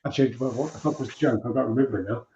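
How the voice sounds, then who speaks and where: Co-hosting a relaxed livestream chat about collectibles, a man talks very fast in a warm, medium-pitched voice, rambling, swearing and cracking jokes. The stream audio sounds muffled and roomy.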